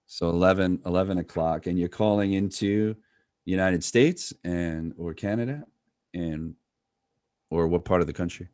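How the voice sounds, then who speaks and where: A man's voice: sits low, normal speed, a little mellow, no echo, clean studio sound. A man chatting casually, asking rambling, hesitant questions with many fillers. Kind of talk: casual chat.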